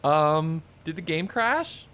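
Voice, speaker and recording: Speaking slowly but very animatedly, a streamer with a fairly high, bright, clean-toned voice offers rambling, casual commentary on his video game. He's sarcastic and swears when annoyed, with faint game music underneath.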